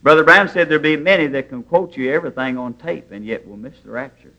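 A man's voice: a little high, fast, bright, forceful tone, dull audio. A man preaching a sermon in a church, telling stories in plain, homespun grammar. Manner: folksy storytelling preaching, plain rural grammar.

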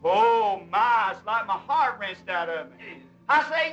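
A man's voice: sits high, lively intonation, normal speed, fairly bright tone, dull audio. A man preaching a fervent, folksy sermon in plain vernacular, breaking into hymn singing. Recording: old recording, voice a bit far from the mic, with music. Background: hymn music.

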